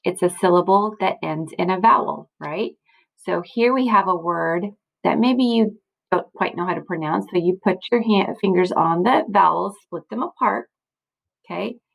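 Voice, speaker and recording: A woman teacher records a slideshow lesson for young students, with a fairly low, gravelly voice. She talks patiently and encouragingly, checking in often with her class. It is recorded on a computer mic. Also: moderate pace, rough recording. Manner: patient, encouraging, frequent "okay?" and "right?" checks. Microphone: computer mic, screen recording.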